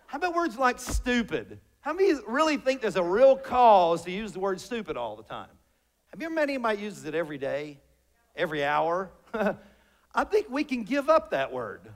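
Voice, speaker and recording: High, lively-voiced man preaching. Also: brisk. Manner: animated, joking, rhetorical questions to the congregation. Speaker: pastor. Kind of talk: sermon. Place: church sanctuary.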